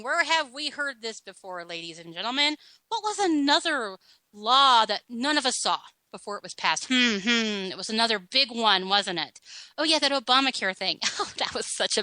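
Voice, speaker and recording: A woman's voice: a little high, pushed and bright, no echo, rough recording. A middle-aged woman hosting a podcast, giving sarcastic, mocking countdown commentary. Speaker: podcast host.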